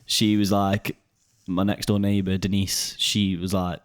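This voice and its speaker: A young man with a Stoke accent, chatting casually as a podcast host and telling lively stories, swearing and laughing often. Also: lowish voice, normal speed, hardly any pauses. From Stoke-on-Trent, England. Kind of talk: casual chat.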